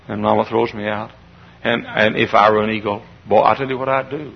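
A man preaching a sermon as pastor, moving from quiet storytelling to shouted, high-pitched climaxes. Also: flat delivery, fairly quick, creaky, slightly rough. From Texas. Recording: dull, muffled lo-fi sermon recording.

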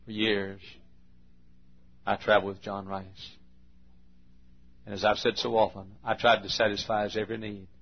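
An older male pastor tells his sermon like a folksy story, dropping to a hush and then breaking out loud. His voice is husky. The recording is dull and lo-fi, like an old archival tape. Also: on the low side, flat delivery, moderate pace, long pauses. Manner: folksy storytelling, swings from hushed to loud bursts.

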